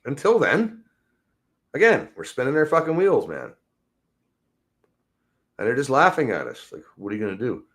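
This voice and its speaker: A man's voice: sing-song, normal speed, pauses often, a bit bright. Male podcast host, profane rambling solo rant, agitated and exasperated. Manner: swings between low mutters and high exasperation.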